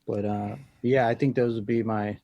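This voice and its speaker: A man's voice: lowish voice, fairly even intonation, normal speed, mellow, highs cut off. A man chatting on a casual podcast in a laid-back way, laughing easily.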